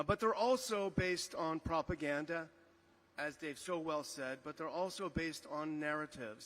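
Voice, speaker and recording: A man's voice: fairly high pitch, a bit bright. A middle-aged man giving an outdoor rally speech on a stage microphone, emphatic, repeating key figures, with frequent fillers. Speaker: rally speaker. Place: outdoor rally on a memorial ground.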